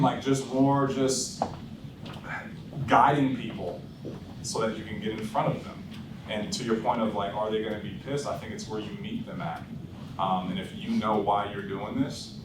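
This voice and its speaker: A man giving blunt, animated sales coaching to his team, acting out phone calls as he tells stories. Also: fairly low pitch. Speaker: insurance sales trainer. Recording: roomy echo, distant mic, background noise.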